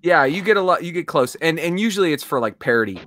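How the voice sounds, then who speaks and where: Casual woman with a lively, lowish voice. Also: fast talker, no echo. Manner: hesitant, many fillers and restarts. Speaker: podcast co-host. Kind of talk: casual chat.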